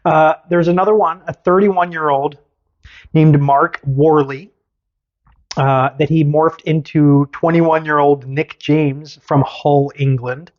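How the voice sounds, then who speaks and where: A podcast host telling a story in casual chat, animated and sarcastic. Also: medium pitch, slow pace, muffled recording.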